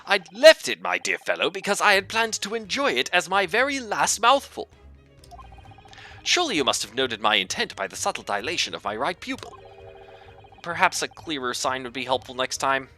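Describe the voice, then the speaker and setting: A man's voice: fairly high pitch, big pitch swings, normal speed, pushed and bright, soft background music, voice pushed up. A man doing a pompous, theatrical detective. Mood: smug. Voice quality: grandiose, florid way of talking. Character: theatrical eccentric male detective, pompous and smug.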